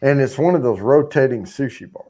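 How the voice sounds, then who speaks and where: A man on a live stream telling a casual, animated story, swearing freely and acting out the other people's voices. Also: mid-range voice, a little fast. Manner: animated, profane, acts out voices.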